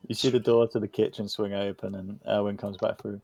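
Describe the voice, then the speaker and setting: A man narrating a tabletop game as game master in a relaxed, descriptive way. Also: lowish voice, brisk, vocal fry, hardly any pauses, no echo, soft background music.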